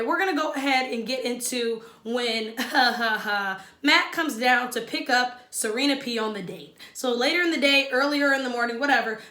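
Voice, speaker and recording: Woman vlogger, high and bright, sassy, talks right at viewers. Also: reverberant. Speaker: reality show recap vlogger. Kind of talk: casual opinionated recap.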